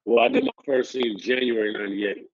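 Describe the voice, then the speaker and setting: A man telling stories in a relaxed, profane street-slang style, acting out the dialogue as he goes. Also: mid-range voice, fast, creaky, dry recording. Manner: laid-back, profane street slang, acts out quoted dialogue. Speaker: podcast guest. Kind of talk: casual storytelling interview. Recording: dry, slightly muffled audio.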